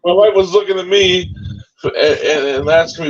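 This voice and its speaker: A man's voice: sits high, brisk. Man telling a story with feeling. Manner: emotional storytelling, repeats words. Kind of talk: casual chat. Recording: slightly dull, faint hiss.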